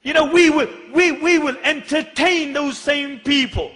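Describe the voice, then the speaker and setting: Male preacher, fiery sermon delivery, sharp high voice in a reverberant hall. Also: unhurried. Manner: impassioned, rising to urgent rhetorical questions.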